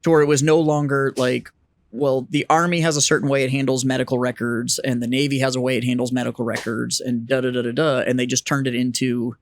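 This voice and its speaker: A man's voice: medium pitch, flat delivery, quick pace, a little hiss or hum. A man co-hosting a podcast, a veteran who is not a Marine, joking and swearing emphatically in casual banter.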